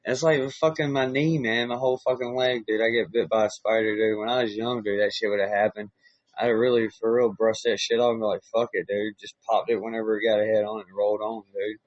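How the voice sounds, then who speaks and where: A man's voice: lowish voice, level tone, brisk, no room sound. A middle-aged man with a Southern US accent, a podcast host in casual chat, laid-back and swearing a lot. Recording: dull, muffled dry recording.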